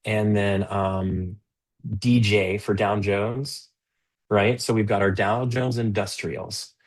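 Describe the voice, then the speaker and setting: Male live-stream trading host, low and slightly husky, loose conversational delivery with frequent restarts. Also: flat delivery, slow pace. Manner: conversational, with many fillers and restarts; stern and scolding toward a rude chatter. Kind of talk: live-stream market commentary.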